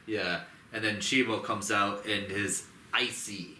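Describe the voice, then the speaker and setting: A man in casual chat about a movie, rambling with fillers and jumping into squeaky high voices for quotes. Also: steady tone, slow, bright, forceful tone. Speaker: co-host. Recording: roomy echo with faint noise.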